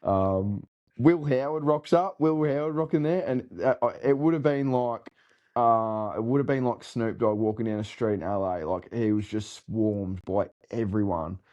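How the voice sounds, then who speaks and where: A man's voice: lowish voice, normal speed, mellow, dull audio. A young Australian man telling a rambling party story in casual chat, laughing and swearing a lot. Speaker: co-host telling a road-trip story.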